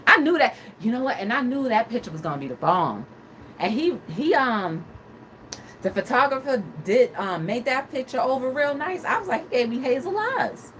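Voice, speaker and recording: A woman hosting a casual livestream talk show, chatting with viewers' comments and acting out quotes in animated stories. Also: fairly high pitch, moderate pace, slight background noise. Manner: animated storyteller, acts out quotes, laughs often. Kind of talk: casual chat reading live comments.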